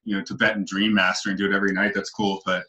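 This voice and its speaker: A man's voice: low-pitched, little pitch movement, brisk, bright, forceful tone, muffled recording. A man co-hosting a film podcast, chatting casually and laughing often at his own asides. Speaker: podcast co-host.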